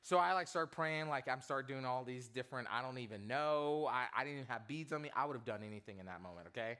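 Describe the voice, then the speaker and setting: A man preaching to students as their youth pastor, telling a comic story in an animated way and quizzing the audience. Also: mid-range voice, fast talker, smooth.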